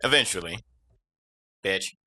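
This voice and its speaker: A cocky, wisecracking translator, played by a man, talks in a bright, lively low voice with big swings in pitch. The sound is dry and close, with soft music underneath. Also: a little slow, no echo, full character voice. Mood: smug. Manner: cocky, wisecracking, mistranslates on purpose. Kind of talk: comedy audio drama.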